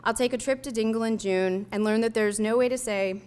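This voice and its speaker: Young woman, author reading her own essay, smooth clear voice, measured and reflective delivery. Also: fairly high pitch, fairly even intonation, a little mellow. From United States. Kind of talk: reading a personal memoir aloud.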